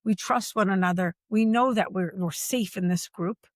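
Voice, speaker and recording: A woman speaking as a podcast guest about workplace culture, talking in an animated, emphatic way and repeating phrases for stress. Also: mid-range voice, moderate pace, no room sound, studio quality. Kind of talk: conversational podcast interview.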